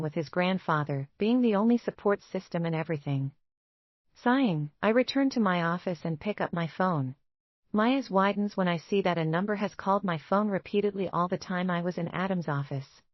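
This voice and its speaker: A woman reading a first-person romance novel aloud in a measured, even way. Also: fairly low pitch, dry recording, muffled recording. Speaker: audiobook narrator.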